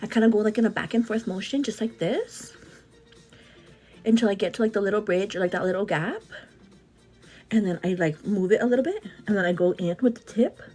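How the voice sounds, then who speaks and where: This thirties-aged beauty livestreamer chats casually with a medium-pitched voice, a little fast, with faint music behind her. She answers comments without pause, slightly out of breath, addressing viewers as "girl" in an energetic, hyperactive way.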